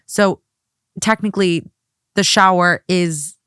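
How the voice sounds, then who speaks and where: A woman's voice: on the low side, takes it slowly, a bit bright, clean tone, no echo, clean studio sound. A young adult woman co-hosting a podcast, chatty and opinionated in casual talk. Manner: opinionated, chatty, lots of fillers. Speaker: guest co-host. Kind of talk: casual chat.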